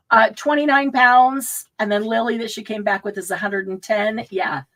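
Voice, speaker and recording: A middle-aged woman hosts a relaxed live craft stream, chatting with a guest and her viewers. Her voice is slightly high and a bit bright, with fairly even intonation and a moderate pace. She rambles easily, laughs a lot and sometimes loses her train of thought.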